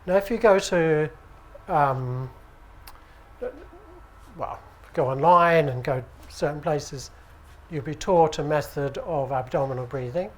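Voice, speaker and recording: A British man teaching at an acupuncture conference, speaking in a relaxed, conversational way and often checking with the audience. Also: on the high side, slow pace, slight background noise. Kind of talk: conference lecture. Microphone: handheld microphone.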